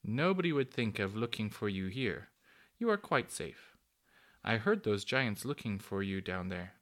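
A man voicing a kindly, lonely old female cuckoo in a storybook, with a soft, cooing, fussy, genteel manner. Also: fairly low pitch, big pitch swings, unhurried. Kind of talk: storybook reading.

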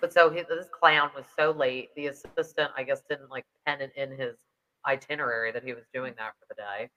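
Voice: mid-range voice, fairly even intonation, fairly quick, sharp tone, highs cut off. A podcast host recapping reality TV at home in a chatty, casual way, with lots of fillers. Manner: chatty, heavy use of "like", mimics people in quotes.

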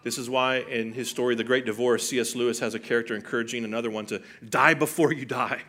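A man preaching a sermon, earnest and full of rhetorical questions, swinging from hushed and soft to loud and emphatic. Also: mid-range voice, fairly even intonation, quick pace. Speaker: pastor.

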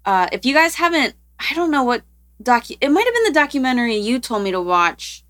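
A woman's voice: high voice, sing-song, a little fast, fairly bright tone. A young woman co-hosting a podcast in casual chat, giggly and full of filler words. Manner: chatty, giggly, lots of "like" and "um". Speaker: podcast co-host.

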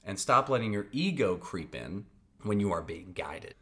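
A man's voice: lowish voice, animated, normal speed, bright, forceful tone, breathy edge. A man hosting a podcast, giving casual advice in a blunt, profane, emphatic way and often checking in with his listeners. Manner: conversational, checks in with "right?" and "okay?". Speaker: podcast host.

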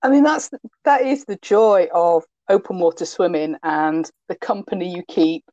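A woman hosting an interview, asking calm leading questions. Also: on the low side, moderate pace, dry recording. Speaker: host. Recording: dull, dry lo-fi audio.

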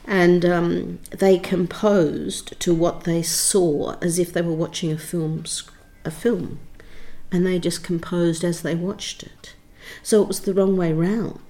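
A middle-aged woman, a theatre director and writer, telling a story in an interview in an expressive, emphatic way with frequent restarts. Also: on the low side, slow. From Australia.

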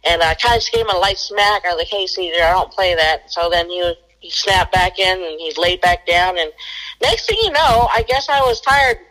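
A woman's voice: on the low side, moderate pace, a bit bright, low-quality recording. A woman telling a personal story as a guest in a casual conversation, acting out the quoted lines. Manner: acts out quoted dialogue.

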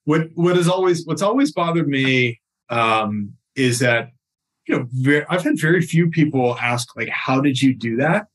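A man's voice: fairly high pitch, animated, a little slow, fairly bright tone. A man speaking as a podcast guest, talking casually with frequent restarts and fillers. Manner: hesitant, many restarts.

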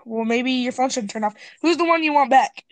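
High-voiced teen boy, teasing. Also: brisk, dry recording. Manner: teasing, giggly, asks nosy questions. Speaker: podcast co-host. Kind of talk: casual chat.

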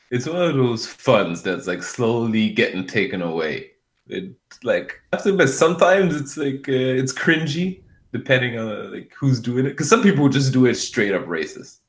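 A laid-back man trading dry quips and chuckles in casual comedic chat. His voice is of middle pitch and carries a noticeable roomy echo. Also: very animated, normal speed.

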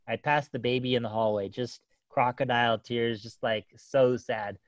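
A man's voice: mid-range voice, fairly even intonation, moderate pace, dry recording. A man in his thirties casually telling a story about his kids, rambling with lots of fillers and restarts and laughing often.

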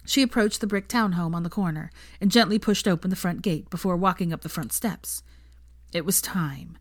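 A woman reading fan fiction aloud with steady, even storytelling narration. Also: fairly low pitch, moderate pace, no echo, clean studio sound. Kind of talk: audiobook narration.

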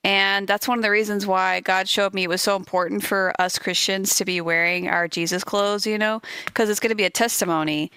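An excitable woman chats straight to her viewers, storytelling with lots of animation. Her voice is smooth and clear, recorded close and dry. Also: medium pitch, brisk, few pauses, no echo. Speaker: video host. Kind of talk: casual chat to viewers.

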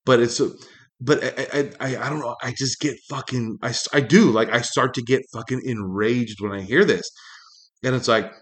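A man hosting a talk show, ranting in a loose, profane monologue full of fillers, his pitch jumping up when he gets angry. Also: fairly even intonation, normal speed. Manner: rambling, heavy swearing, many fillers, pitch jumps when angry. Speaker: podcast host.

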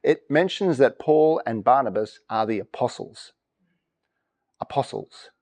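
A man's voice: medium pitch, moderate pace. A man preaching a sermon, reading verses and quizzing the congregation for reactions. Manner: lively, asks congregation for reactions. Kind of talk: interactive sermon. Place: church.

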